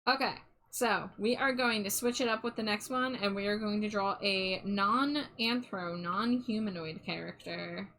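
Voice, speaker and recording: Bright-voiced woman chatting while she draws. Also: mid-range voice, moderate pace, low-quality recording. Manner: chatty, self-deprecating, trailing off. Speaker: streamer. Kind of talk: casual live-stream chat while drawing.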